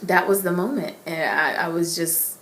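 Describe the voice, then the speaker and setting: A young adult woman earnestly recounting a personal faith testimony, emotional and halting, with frequent repeats. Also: lowish voice, fairly even intonation, fairly bright tone. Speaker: inspirational vlogger. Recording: echoey room with faint ambience.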